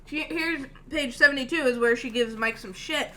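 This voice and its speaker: Sarcastic woman co-host, high and bright, reads passages aloud. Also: moderate pace. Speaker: podcast co-host. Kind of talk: casual book club chat.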